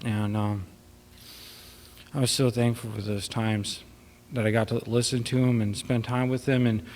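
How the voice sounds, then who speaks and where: A man delivers an unscripted eulogy in a church, his voice sitting at an ordinary middle pitch. He rambles with many fillers, slipping between tearful laughter and quiet sadness. A long reverb trails each phrase through the room. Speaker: son giving a eulogy. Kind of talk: informal memorial speech. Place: church hall.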